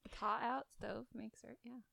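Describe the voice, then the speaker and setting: Teasing woman podcast co-host, higher voice with vocal fry, dry sound. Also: steady tone, pushed and bright, dry recording. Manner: playful, teasing, quick reactions. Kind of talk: casual chat.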